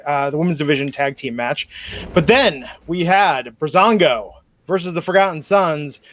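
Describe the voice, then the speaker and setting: A man hosting a podcast, quickly recapping a show and getting lively when he's excited. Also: on the high side. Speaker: podcast host.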